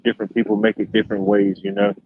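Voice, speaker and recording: Speaking in a racing, flat delivery, a man with a fairly low pitch hosts a livestream and chats casually, rambling through laid-back stories with plenty of fillers. There's a slight hiss or hum over the dull, lo-fi stream audio.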